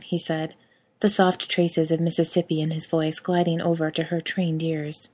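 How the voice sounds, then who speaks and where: A woman reading fan fiction aloud in an even, measured narration. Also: low voice, breathy edge. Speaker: reader.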